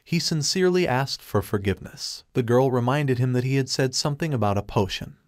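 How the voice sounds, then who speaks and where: A man giving a scripted, even third-person narration of a comic story. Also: mid-range voice, fairly quick, no echo, clean studio sound. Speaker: recap narrator.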